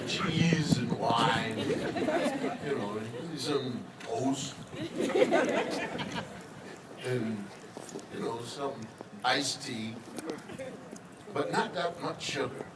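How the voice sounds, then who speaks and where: An older man giving a humorous commencement speech, a folksy storyteller who teases his audience in a large hall. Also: mid-range voice. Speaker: commencement speaker. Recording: echoey hall, distant mic, crowd noise.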